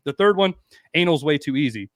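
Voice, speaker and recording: A man's voice: fairly high pitch, expressive, brisk, dry recording. A middle-aged man on a podcast, telling crude stories in casual chat and acting out the voices of the people in them. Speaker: podcast guest.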